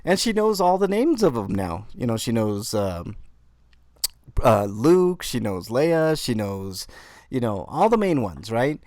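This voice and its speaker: A man hosting a podcast, telling a story with animated mock outrage. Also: mid-range voice, unhurried, no room sound. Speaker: podcast host. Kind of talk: casual chat.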